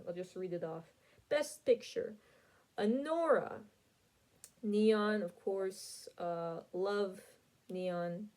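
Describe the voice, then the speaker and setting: A woman's voice: lowish voice, mellow, rough recording. A woman hosting her own podcast, chatting casually and opinionatedly as she reacts to award nominations and corrects herself as she goes. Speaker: podcast host.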